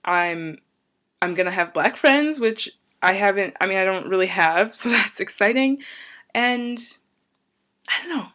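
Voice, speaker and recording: A woman's voice: mid-range voice, expressive, measured pace, a bit bright. Chatty young woman vlogging on tangents. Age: young adult. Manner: rambling, going off on tangents; chatty and upbeat. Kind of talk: casual chat to camera.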